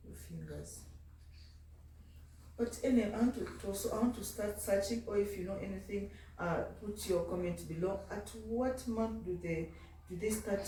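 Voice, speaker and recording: A woman's voice: lowish voice, mellow, a little hiss or hum. A woman, a mother, chatting casually in a home vlog, sounding tired and talking to her baby in between. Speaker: vlogger and mother. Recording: echoey room, mic at a distance.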